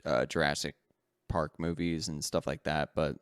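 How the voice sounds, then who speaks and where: With a bass voice that is clear and resonant, a male podcast co-host speaks at normal speed with fairly even intonation. His casual chat is rambling and self-correcting, punctuated by frequent laughter, in a dry studio-quality recording.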